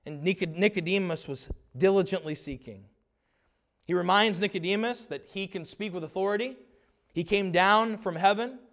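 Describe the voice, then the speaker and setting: A man with a fairly high voice preaches a sermon. He is earnest and emphatic, stretching out important phrases and repeating them for weight. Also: fairly bright tone. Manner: earnest, emphatic preaching with slow stressed repetitions; acts out quoted dialogue in changed voices. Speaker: pastor.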